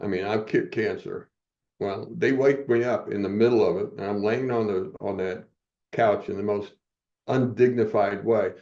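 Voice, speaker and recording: A man's voice: lowish voice, steady tone, moderate pace, warm tone, dull audio. A man in his seventies telling personal stories as a podcast guest, motivational and acting out quoted dialogue. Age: 70s. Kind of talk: personal storytelling in a podcast interview.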